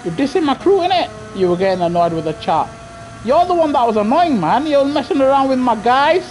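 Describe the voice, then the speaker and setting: A man's voice: very high-pitched, very animated, brisk, darkish tone, a little hiss or hum. A man streaming a racing game live, chatting to viewers casually in slang and repeating himself. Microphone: gaming headset.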